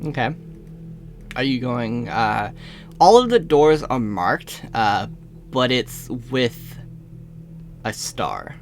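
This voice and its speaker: A man running a tabletop game as game master, narrating descriptively with frequent pauses and fillers. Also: mid-range voice, big pitch swings, faint music behind. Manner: descriptive, slows for atmosphere, frequent uhs.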